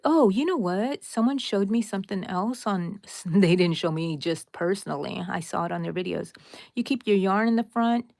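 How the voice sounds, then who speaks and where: A woman's voice: mid-range voice, lively intonation, normal speed, creaky, a little mellow, no echo. A woman with a Texan accent hosting a live crochet tutorial, chatting casually and directly with her viewers with rambling asides. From Texas, USA. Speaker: crochet livestream host.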